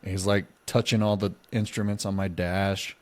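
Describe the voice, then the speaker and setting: Speaking low at normal speed, this man co-hosts a podcast and shares a story in a relaxed way. He animates it by voicing both people in the conversation.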